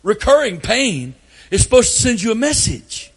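An older man preaching a sermon, telling folksy family stories and breaking into loud outbursts. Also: extremely high pitch, sing-song, normal speed, slightly rough. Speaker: pastor.

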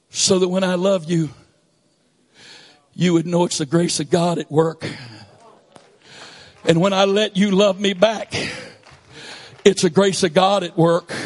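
High-pitched Southern preacher, shouting and hushing. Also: male voice. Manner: swings from shouting to soft asides. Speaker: pastor. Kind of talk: sermon.

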